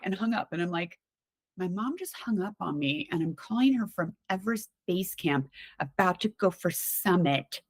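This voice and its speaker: A woman on a podcast as a guest, talking in a candid, animated, conversational way with frequent restarts. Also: fairly low pitch, fairly quick, dry recording. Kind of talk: casual conversational storytelling.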